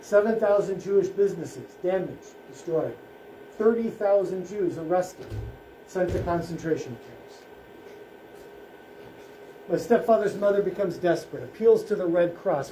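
A man, a rabbi, giving a solemn presentation at a school in short, measured phrases. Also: high voice, lively intonation, dark tone, slight background noise. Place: school room. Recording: echoey room, faint ambience.

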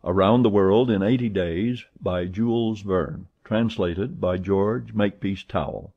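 A man reads a classic novel aloud in a steady, unhurried audiobook style. His voice sits low and sounds husky, and the recording is dull and lo-fi. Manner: steady, plain reading. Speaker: audiobook narrator. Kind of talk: audiobook reading.

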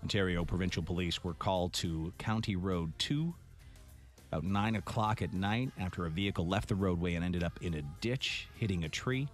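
A man's voice: deep voice, moderate pace, faint music behind. A man co-hosting a radio show, reading out a news story in a plain way between jokes. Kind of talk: casual radio banter.

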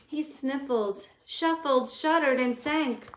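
Slow, gentle teacher reading a storybook. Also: female voice, a little high. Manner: gentle and expressive, talks to listeners. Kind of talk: reading a picture book aloud. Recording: echoey room with faint noise.

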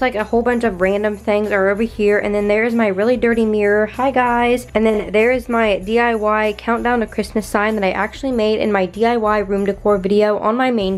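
A young woman vlogging at home in her bedroom, chatty and gushing, with lots of "like" in her speech. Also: medium pitch. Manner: gushing and excitable, heavy use of "like". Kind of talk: casual vlog chat.

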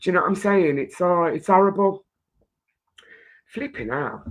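A woman's voice: fairly low pitch, normal speed. A woman with an English accent hosting a casual live-stream chat, talkative and emotional. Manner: chatty, emotional, swears lightly. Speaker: host.

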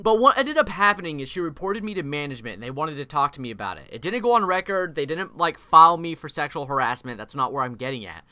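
A young man narrating an animated storytime video in an exaggerated, swearing, animated way. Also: fairly high pitch, quick pace, hardly any pauses, no room sound. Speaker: YouTube storyteller.

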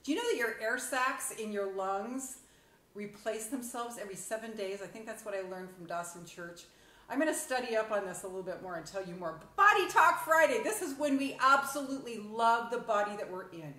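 A woman's voice: mid-range voice, a little fast, fairly bright tone. Chatty woman live streaming on a phone. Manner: chatty, bubbly, laughs often. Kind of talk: casual live stream talk. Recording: echoey room on phone mic.

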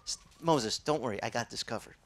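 A man's voice: mid-range voice, fairly quick, voice pushed down, natural voice. A man voicing God as a casual, confident, soothing figure. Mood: reassuring. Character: God, laid-back and reassuring.

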